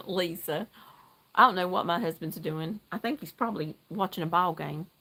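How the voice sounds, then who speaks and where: Middle-aged woman from north carolina, chatty livestream host, gets excited, talking from her deck. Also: lowish voice, normal speed, slightly rough. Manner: chatty, excitable, greets viewers by name. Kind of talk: casual live chat while knitting. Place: outdoor deck at home.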